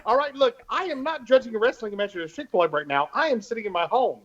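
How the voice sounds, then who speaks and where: Man, high lively voice, jokey, small hotel room, muffled lo-fi audio. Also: quick pace. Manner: animated, jokey, mock-offended. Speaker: podcast co-host. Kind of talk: casual wrestling podcast chat.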